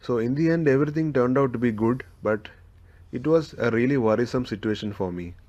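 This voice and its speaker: A man tells a short personal story as a practice speaking test answer. His voice stays flat and monotone, falling only at the end of each sentence. The recording sounds dull and a little lo-fi. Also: mid-range voice, a little fast.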